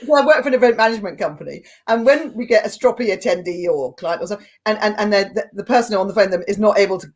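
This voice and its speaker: A woman's voice: medium pitch, very fast, soft background music. A woman from Britain with a British accent, a giggly guest telling stories in a casual chat. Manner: giggly, storytelling.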